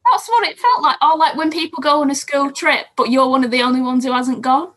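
A woman's voice: high-pitched, a little fast, a bit bright. A woman co-hosting a casual podcast, chatting about TV shows from her notes. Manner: chatty, reads from notes, self-interrupting. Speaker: podcast co-host.

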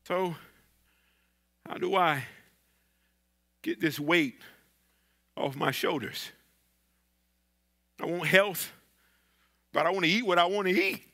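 A man's voice: high-pitched, takes it slowly, pauses often, sharp tone. A male pastor giving a conversational sermon in a church, mixing candid asides and humor into his preaching. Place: church sanctuary.

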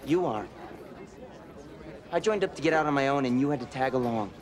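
A man's voice: mid-range voice, lively intonation, brisk, natural voice. An actor playing an earnest young male infantry recruit who answers curtly and defensively. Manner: curt, defensive. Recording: movie clip with crowd noise behind.

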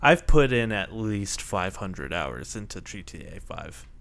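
A man co-hosting a podcast, talking in a measured, casual way with short pauses and fillers. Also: sits low, big pitch swings, vocal fry, fairly bright tone, no room sound. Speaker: podcast co-host. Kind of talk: casual chat.

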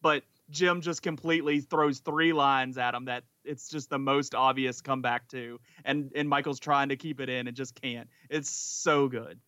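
A man's voice: mid-range voice, fairly even intonation, moderate pace, few pauses, sharp tone, no room sound, muffled recording. A man co-hosting a casual podcast chat, talking enthusiastically and rambling with frequent restarts. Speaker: podcast co-host.

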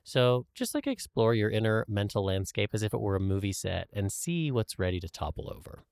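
A man's voice: fairly low pitch, big pitch swings, fairly quick, creaky, darkish tone, clean tone, no room sound, studio quality. A man co-hosting a spiritual podcast, talking in a reflective, playful way. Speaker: podcast co-host. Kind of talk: casual spiritual podcast chat.

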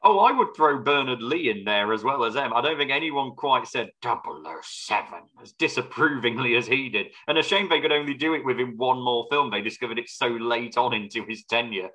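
A man's voice: medium pitch, lively intonation, brisk, hardly any pauses, sharp tone, low-quality recording. A man co-hosting a film podcast, reviewing a movie with wry, sarcastic humor. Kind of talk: casual film review chat.

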